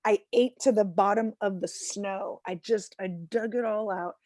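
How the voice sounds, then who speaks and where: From home over a video call, a woman in her forties performs a stand-up set, mocking herself, acting out voices and shouting punchlines with animated energy. Her voice is medium-pitched and measured, captured with studio quality and no room sound.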